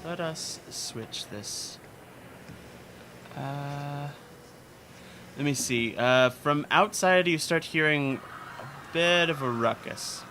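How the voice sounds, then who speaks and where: A man serving as game master for a tabletop game, describing scenes in a relaxed, halting way with lots of "uh"s and laughter. His voice sits at a middle pitch, and a faint noise hangs behind it.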